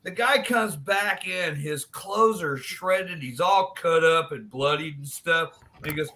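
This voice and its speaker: A man hosting a live chat stream, telling long crude jokes in a loose, animated way. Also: fairly high pitch, a little slow, few pauses. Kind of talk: joke telling in casual chat.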